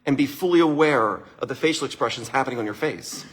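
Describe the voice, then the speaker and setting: A man giving an energetic, conversational motivational talk to live viewers, often checking in with listeners and acting out the people he quotes. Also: medium pitch, fast talker. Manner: acts out quoted voices. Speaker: motivational speaker.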